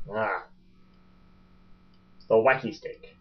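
A man's voice: mid-range voice, lively intonation, moderate pace, pauses often. A young man chatting casually as he unboxes a toy boat, rambling and joking to his webcam. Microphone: webcam mic. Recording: dull lo-fi webcam audio.

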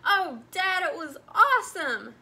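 A woman voicing an eager young boy clownfish with an excited, chattering manner in a read-aloud storybook. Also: a little high, unhurried.

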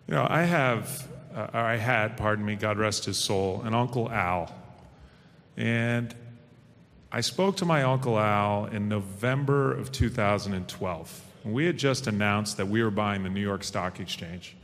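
A man's voice: on the low side, a little slow, fairly bright tone, slight background noise. A middle-aged man speaking as a panel guest at a fireside chat, folksy and confident as he tells stories. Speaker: stock exchange president, panel guest. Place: event hall. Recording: long hall reverb.

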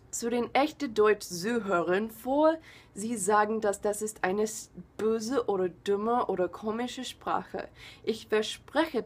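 A half-German woman vlogging in an emphatic, exasperated rant full of swearing. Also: a little high. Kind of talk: casual video rant.

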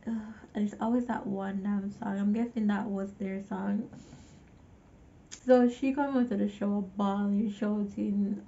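A woman recaps a film in a loose, chatty way and keeps breaking off to vent at the viewer. Her voice is gravelly and mellow. The recording sounds a little dull and lo-fi. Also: medium pitch, level tone, a little slow. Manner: chatty, exasperated asides to the viewer. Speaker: movie reviewer. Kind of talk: casual movie recap.

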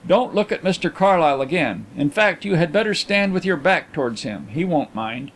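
Composed gentleman detective, measured and dry; male narrator doing the voice. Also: fairly high pitch, lively intonation, a little hiss or hum.

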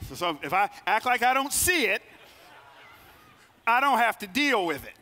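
Animated high-voiced preacher in a hall. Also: male voice, normal speed. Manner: lively storytelling preacher, acts out quoted voices. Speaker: pastor. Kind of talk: sermon. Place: church sanctuary. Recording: long reverb of a large hall.

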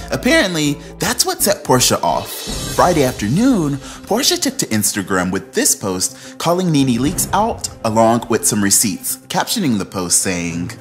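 A man giving gossip commentary as a vlogger, animated and slangy, laughing as he talks. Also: medium pitch. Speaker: entertainment vlogger.

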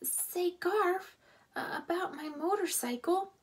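A woman's voice: very high-pitched, slow, voice pushed up. A woman voicing a small, bold talking mouse boy who is eager and indignant in a storybook reading. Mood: insistent.

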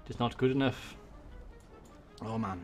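A man from Wales with a Welsh accent, giving excitable let's-play commentary on a strategy game into a desk microphone, swearing and muttering to himself as he plays. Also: medium pitch, a little slow, faint music behind. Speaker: gaming YouTuber. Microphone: desk USB microphone.

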